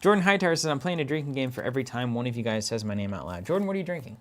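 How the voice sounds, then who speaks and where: A man in casual conversation, reading out viewer comments on a stream with easy laughter. His voice sits at an ordinary middle pitch, relaxed and unhurried. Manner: chatty, laughs often, reads names aloud. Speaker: co-host of a card game stream. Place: office.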